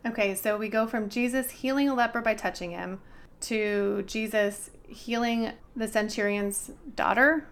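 A woman's voice: a little high, fairly even intonation, unhurried, a bit bright. A woman co-hosting a casual bible study discussion, chatty and thinking aloud.

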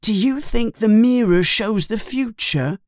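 A man reading a storybook aloud, voicing an excitable young schoolboy who gets a bit whiny. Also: high voice, a little slow, no echo, studio quality, pitched above the performer's own voice. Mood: excited. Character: boastful young schoolboy, Harry's friend.

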